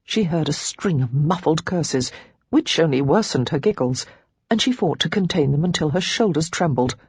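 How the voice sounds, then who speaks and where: A woman reading a romance novel aloud as an audiobook narrator, giving each character a pitch and tone of their own. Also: animated, moderate pace, a little mellow, husky, no echo.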